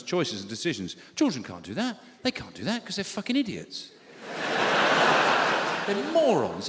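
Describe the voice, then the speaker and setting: A man in his forties from England doing a stand-up routine, with sardonic, deadpan storytelling and mock outrage. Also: a little high. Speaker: stand-up comedian. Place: large theatre stage before a live audience. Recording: long hall reverb, loud audience noise.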